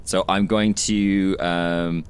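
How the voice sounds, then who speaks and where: A man's voice: low voice, fairly even intonation, extremely slow, smooth. A man playing a tabletop game, speaking hesitantly with many ums. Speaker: player. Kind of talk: casual tabletop play.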